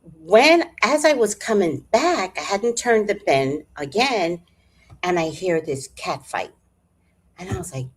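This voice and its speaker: A woman vlogger telling a story in a casual, animated and profane way, sighing and clearing her throat often. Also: fairly low pitch, slow.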